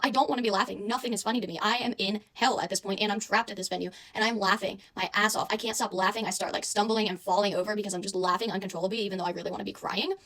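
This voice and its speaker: A young adult woman telling a casual, chatty storytime monologue, animated and full of "like" and "I swear". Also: mid-range voice.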